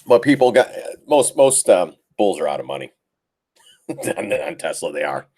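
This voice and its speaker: A man's voice: sits low, sing-song, measured pace, darkish tone, breathy edge. A man hosting a live trading stream, chatting casually about charts, laughing often and mimicking panicked traders. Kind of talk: casual live market commentary.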